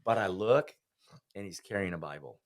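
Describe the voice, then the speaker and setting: A man with a strikingly deep, low voice speaks as a podcast guest. He tells his own story in an earnest, heartfelt way, as a personal testimony. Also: moderate pace.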